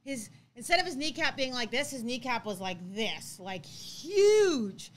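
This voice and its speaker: A woman in her thirties co-hosting a casual chat, telling a story in an animated way and laughing as she acts out what people said. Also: sits high, measured pace, slight background noise. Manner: animated, laughs while acting out quotes. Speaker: co-host.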